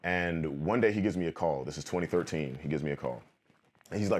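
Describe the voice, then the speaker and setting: Deep-voiced man telling a story. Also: fairly quick. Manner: animated, quotes friends in acted-out bits. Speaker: vlogger. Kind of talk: storytelling monologue.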